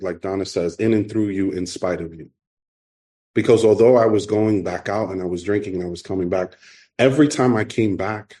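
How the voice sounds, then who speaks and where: Middle-aged man, New York accent, earnest halting testimony at a recovery meeting, lowish voice. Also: dark tone. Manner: earnest, halting, repeats himself. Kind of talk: personal testimony talk.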